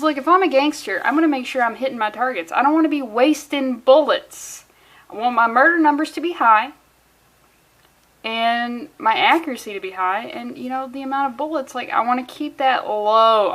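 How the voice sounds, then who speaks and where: High-voiced woman with sarcastic comic commentary. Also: a bit bright. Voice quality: sarcastic, rambling, jokey asides. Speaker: comic book reviewer. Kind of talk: casual comedic commentary.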